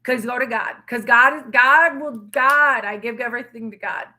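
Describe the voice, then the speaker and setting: A woman's voice: fairly high pitch, normal speed, bright, forceful tone. A middle-aged woman hosting a tarot livestream, telling a story in casual, emphatic chat. She sounds tired, with a drained throat. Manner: storytelling, emphatic, candid with occasional swearing. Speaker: tarot reader livestream host.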